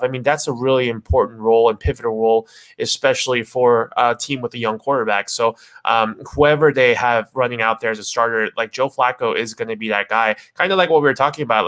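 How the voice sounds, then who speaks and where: A man's voice: medium pitch, fairly bright tone. A man co-hosting a casual sports talk livestream, easygoing and often laughing. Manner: laid-back, laughs often, many fillers. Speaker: co-host.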